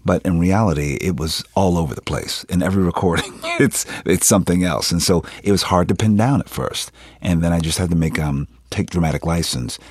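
A man from Philadelphia, an actor, chatting in an interview, telling stories with animated quotes and frequent laughs. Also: low-pitched, a little fast, hardly any pauses, breathy edge. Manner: animated storyteller, laughs often, acts out quotes. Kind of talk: casual interview chat.

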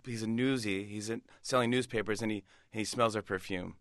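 A male comedian, a guest in an interview, telling stories in an animated way with frequent restarts. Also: lowish voice, no room sound, clean studio sound. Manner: animated, many restarts, quick laughs. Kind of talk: casual interview storytelling.

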